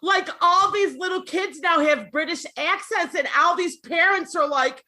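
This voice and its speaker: A woman co-hosting a podcast, teasing the others with quick remarks in casual chat. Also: very high voice, sharp tone.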